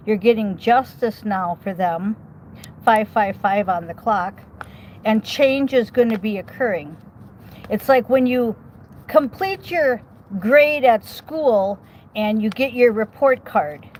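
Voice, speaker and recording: Outdoors, a tarot reader chats her way through a casual reading, reassuring the listener and checking in often with okays and rhetorical questions. She speaks on the high side, and the poor audio has a slight hiss or hum.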